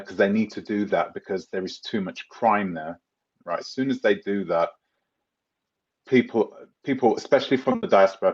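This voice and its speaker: A man with a London accent chats through a live Q&A, drifting from point to point and calling out viewers by name. His voice sits fairly low. The stream audio is dull and lo-fi. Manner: chatty, rambling, laughs often, addresses viewers by name. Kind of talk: live Q&A reading viewer comments.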